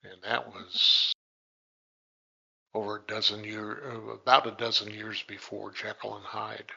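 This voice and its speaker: A man co-hosting a podcast, talking through a classic film in a slow, halting way and restarting his words. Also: lowish voice, little pitch movement, gravelly, sharp tone, breathy edge, lo-fi sound. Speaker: podcast co-host. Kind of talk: casual film discussion.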